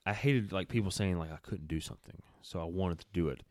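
A man's voice: low-pitched, fast talker, a little mellow, dry recording, studio quality. A young man talking bluntly and emphatically in a casual chat, swearing freely.

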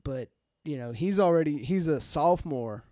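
Rambling young man, mellow tone. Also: on the high side, lively intonation, moderate pace, no echo, clean studio sound. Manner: rambling, heavy with fillers and swearing. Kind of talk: casual chat.

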